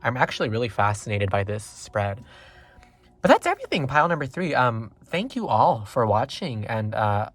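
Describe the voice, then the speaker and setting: A man reads tarot cards for an unseen audience in a loose, chatty way, wandering from thought to thought with many fillers. His voice sits at an everyday middle pitch and now and then leaps up when something excites him. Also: moderate pace, few pauses, no room sound. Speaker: tarot reader. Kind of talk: casual pick-a-card tarot reading.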